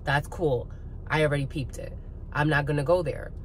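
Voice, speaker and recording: Woman, lowish voice, tarot reading, blunt, swears a lot, ranting, faint background noise. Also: steady tone, normal speed. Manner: blunt, profane, rants with laughs; calls viewers "my lovies". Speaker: spiritual reader.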